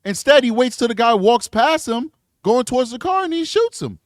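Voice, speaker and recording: A man's voice: very high voice, very animated, normal speed, dry recording, studio quality. A man giving blunt, emphatic commentary on a true crime video, talking back to the clips he plays. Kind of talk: casual reaction commentary.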